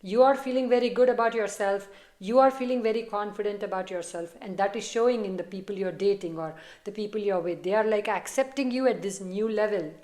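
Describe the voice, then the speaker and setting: Woman doing a tarot reading, chatty and reassuring, talks right to viewers, normal pitch. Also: fairly quick, a little mellow. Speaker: tarot reader. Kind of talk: casual tarot reading to camera.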